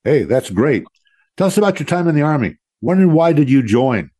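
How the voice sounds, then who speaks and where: A man's voice: on the high side, big pitch swings, fairly quick, dark tone. A middle-aged man, a retired army officer, hosting an interview show and reading ads in a folksy, upbeat way.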